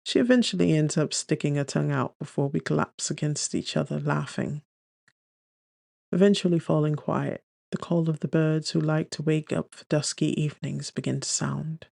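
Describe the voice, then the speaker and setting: A man narrating a first-person romance audiobook in a gentle, unhurried storytelling manner on a close studio mic. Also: on the high side, steady tone, creaky, no echo.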